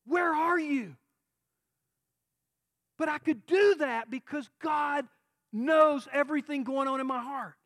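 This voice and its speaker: A middle-aged man preaching a sermon as pastor, impassioned, swinging from soft tender lines to shouted cries. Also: extremely high pitch, normal speed, no room sound.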